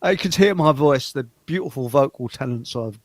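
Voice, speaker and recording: A man's voice: medium pitch, lively intonation, normal speed, dry recording. A man hosting a casual chat show, rambling through jokes and laughing at his own stories. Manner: chuckling, rambling joke-teller. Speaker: show host.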